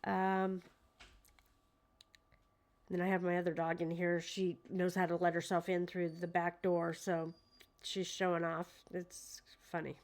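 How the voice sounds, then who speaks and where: A woman's voice: lowish voice, flat delivery, unhurried, pauses often. Incredulous woman reading transcript at home. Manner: incredulous, hesitant with many fillers. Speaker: true crime commentator. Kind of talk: casual commentary reading a transcript aloud. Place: at home with her dogs.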